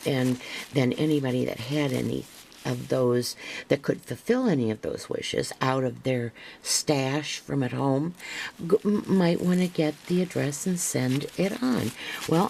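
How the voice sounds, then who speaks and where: An older woman with a gravelly voice, a craft vlogger chatting to camera as she unpacks a parcel, gushing and rambling with restarts, sometimes dropping to a near-whisper. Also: deep voice, a little mellow, slight background noise, poor audio. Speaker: craft vlogger showing a haul. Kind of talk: casual show-and-tell to camera.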